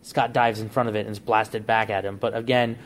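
A man's voice: fairly low pitch, flat delivery, fairly quick. A man on a podcast, casually laying out a plot idea in a rambling way. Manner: rambling storyteller, frequent restarts and "like". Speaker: podcast co-host.

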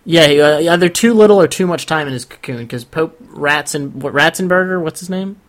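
A man's voice: fairly high pitch, fairly quick. A man hosting a comedic news podcast, reading items aloud and teasing his co-host.

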